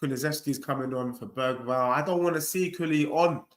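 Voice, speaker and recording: A man's voice: mid-range voice, a little fast. A young man hosting a football watchalong, trash-talking and answering his chat. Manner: cocky, trash-talking, addresses chat directly. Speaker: host of a football watchalong stream. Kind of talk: live stream banter reading chat.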